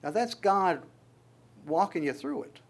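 A male preacher delivers a sermon in a conversational, unpolished way. His voice sits a touch high for a man, and he often stumbles and restarts mid-sentence while quoting scripture. He shifts into small acted voices when he retells a story. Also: animated, unhurried. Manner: conversational, quotes scripture and acts out voices in passing; frequent restarts and stammers.

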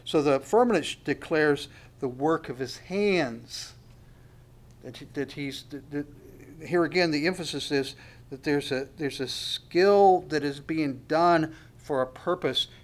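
A male preacher with a voice a little higher than most men's. He talks through his sermon in a relaxed, conversational way and keeps asking his listeners reflective questions. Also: a little slow.

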